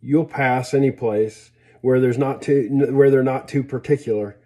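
A man's voice: mid-range voice, fairly even intonation, unhurried, dark tone, close to an everyday voice. A man voicing a dry, teasing old grandfather in a read-aloud story, plainspoken.

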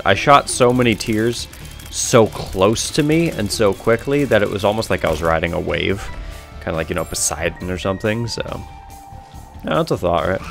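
Rambling young man, low voice. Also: creaky. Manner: rambling, self-correcting, laughs often, swears casually. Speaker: gaming video host. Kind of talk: casual gameplay commentary. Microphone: headset mic.

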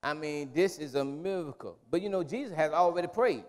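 A man preaching a sermon as pastor, in emphatic call-and-response style that builds to loud, drawn-out declarations. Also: on the high side, lively intonation. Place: church sanctuary. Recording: long reverb of a church hall.

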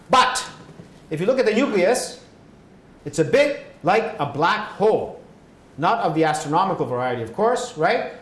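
A middle-aged man giving a public science lecture, explaining with frequent check-ins like "right?" and "okay?". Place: hospital lecture hall. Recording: echoey hall, faint rumble.

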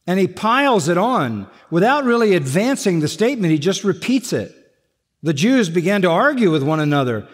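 A man's voice: high-pitched, sing-song, moderate pace. Emphatic preaching man in an echoey hall. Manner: emphatic preaching with repeated refrains. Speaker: pastor. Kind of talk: sermon.

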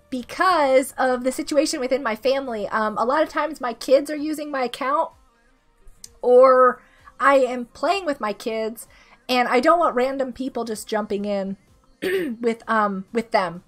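A woman in her thirties, sick with a rough throat, chatting casually and giggling as she greets viewers during a game stream. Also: sits high, a bit bright. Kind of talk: casual live-stream chat while gaming. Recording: faint music behind the voice.

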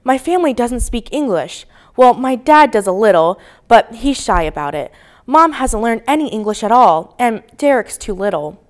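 A timid young schoolgirl confiding in a soft, hushed whisper, as a woman reading a storybook puts her on. Whispered role-play, gentle and quiet, with a clear smooth tone. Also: a little high, lively intonation, normal speed, close to an everyday voice. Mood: shy.

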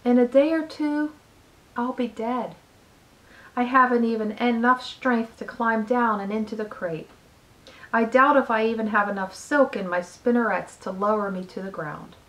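A woman reading aloud, voicing a calm, wise female spider who speaks softly and gently. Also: fairly high pitch, normal speed, close to an everyday voice, rough recording. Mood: weary. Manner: soft, quiet and gentle.

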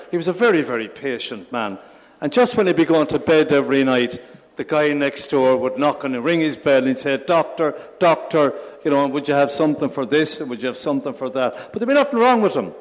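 A man, a priest, telling jokes to a congregation in a playful, mock-solemn way. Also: a little high. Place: large church. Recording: long church reverb.

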